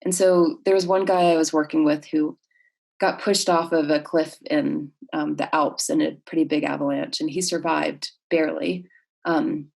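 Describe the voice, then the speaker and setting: A woman counselor explaining her work in a conversational interview, thoughtful and halting, with many fillers and restarts. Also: fairly low pitch, vocal fry, darkish tone.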